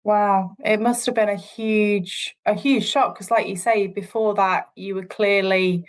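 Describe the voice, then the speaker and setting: A woman hosting a conversational interview, asking questions gently with many restarts. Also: medium pitch, steady tone, measured pace. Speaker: host interviewer.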